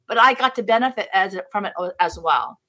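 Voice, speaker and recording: A middle-aged woman, a guest author, telling a story in an interview in an expressive way, with many restarts. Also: mid-range voice, a little fast. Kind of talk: storytelling in a live-streamed interview.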